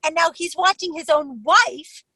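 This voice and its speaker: A woman's voice: extremely high pitch, a little slow, noisy background. A woman telling a personal story as an interview guest, intense and often quoting others in their voices. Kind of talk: emotional personal account.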